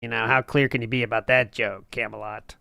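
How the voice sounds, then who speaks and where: A man's voice: medium pitch, level tone, brisk, gravelly, pushed and bright, smooth, no room sound, clean studio sound. A man hosting a livestream, reading out chat messages with sarcastic, teasing remarks. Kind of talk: casual chat.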